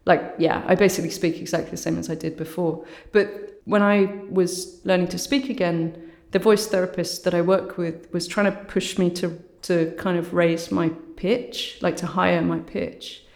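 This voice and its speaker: A woman artist with a low voice, speaking thoughtfully as an interview guest and often saying "you know" and "sort of". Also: fairly even intonation, moderate pace, vocal fry, a little mellow. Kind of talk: reflective conversational interview. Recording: roomy echo.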